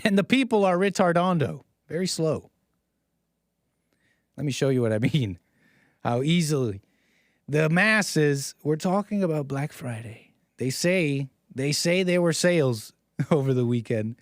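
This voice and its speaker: A man's voice: mid-range voice, expressive, measured pace, no room sound, studio quality. Sarcastic male stream host. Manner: sarcastic, mocking, rambling. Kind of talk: live-stream commentary monologue.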